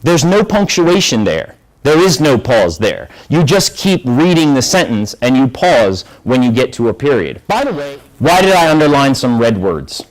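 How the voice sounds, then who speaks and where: Man, teacher, classroom lesson, animated pitch, quizzing students. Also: normal speed, low-quality recording. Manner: lively, asks the class questions. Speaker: high school English teacher.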